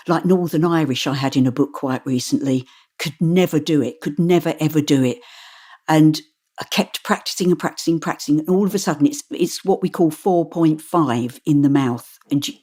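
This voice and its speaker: Low-voiced woman, animated storyteller. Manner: animated, stumbles and restarts while telling stories. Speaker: audiobook narrator. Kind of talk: interview answers.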